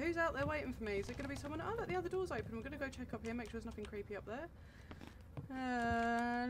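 A woman's voice: sits high, background noise. Jumpy, swearing woman streamer. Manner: jumpy, nervous running commentary, heavy swearing. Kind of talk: horror game let's-play commentary.

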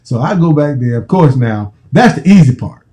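Man in his fifties, american, former football player, casual profane storytelling, very dark voice. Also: a little high, very animated, moderate pace, rough recording. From United States. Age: 50s. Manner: profane, repetitive, restarting phrases.

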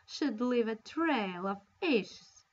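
A woman's voice: a little high, expressive, slow pace, lo-fi sound. A woman voicing a mean young stepsister who teases and sneers, in a storybook reading. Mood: mocking. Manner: mocking, sneering.

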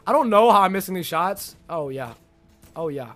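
A young man with a high, bright voice streams a game live, reacting loudly and shouting out viewers in the chat. His talk is quick, slangy and excitable, full of "bro" and "for sure.". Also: soft background music. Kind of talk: live gameplay commentary.

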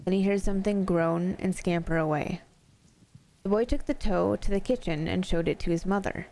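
A woman's voice: fairly low pitch, normal speed, gravelly, darkish tone. A woman streamer casually reading spooky stories aloud to her chat, playful and laughing easily between stories. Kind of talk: casual storytelling to a live chat.

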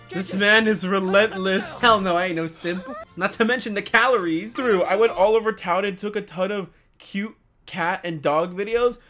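A young man hosting casual anime reaction commentary. He talks in slang, laughs often and breaks into sudden loud outbursts. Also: high voice. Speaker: anime reaction channel host.

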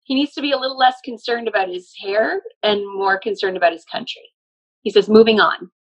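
This medium has a medium-pitched voice and talks fairly quickly over poor audio. Channeling a spirit in casual conversation, she earnestly explains things and passes along messages, frequently breaking into laughter.

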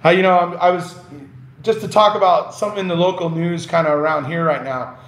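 A man's voice: high-pitched, steady tone, a little fast. Passionate, laughing man on a live stream. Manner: passionate, ranting, laughs often. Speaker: livestream host. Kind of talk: casual live stream chat. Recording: roomy echo.

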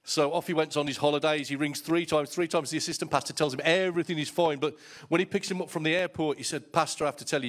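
Middle-aged male pastor, preaching in a storytelling manner, voice sits a little high. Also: quick pace. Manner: storytelling, repeats words when starting a thought. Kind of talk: sermon.

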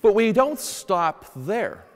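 A priest with a high voice and big pitch swings speaks slowly as he reads the gospel and delivers a Sunday homily, earnest and emphatic in his questions. The church is echoey, with long reverb.

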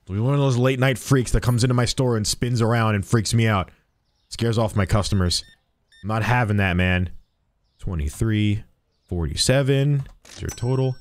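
A young man streams a game, playing a shopkeeper and joking around with customers in playful let's-play commentary. His voice is fairly low and moderately paced, recorded with no echo.

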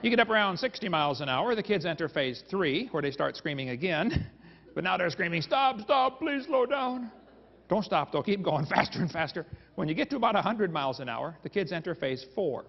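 Speaking fast in a fairly high, expressive voice with some vocal fry, this creation seminar speaker tosses jokes at his live audience during a folksy lecture. The hall recording sounds dull and reverberant.

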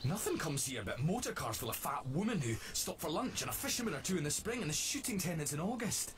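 A young innkeeper who longs to write books in a game, earnest and a little wistful. His voice sits a touch high. A steady hiss of noise runs under the line. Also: fast talker. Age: young adult. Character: young male innkeeper, restless would-be writer.

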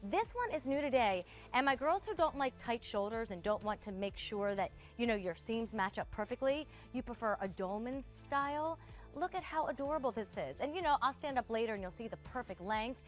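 A woman hosting a live home shopping show, chatting warmly and gushing about clothes to viewers. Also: fairly high pitch, expressive, a little fast, soft background music. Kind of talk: live TV sales pitch.

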